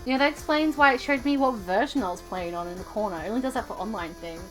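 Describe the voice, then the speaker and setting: A high-voiced woman chats her way through a live game stream, rambling and repeating herself as she plays. Faint game music runs underneath her voice. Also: quick pace. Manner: chatty, rambling, repeats phrases. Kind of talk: casual live game commentary.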